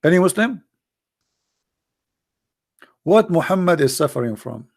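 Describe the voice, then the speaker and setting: A man's voice: fairly high pitch, very animated, unhurried. A man hosting a livestream, talking casually and mockingly to his live chat and asking it rhetorical questions. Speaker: host of a livestream.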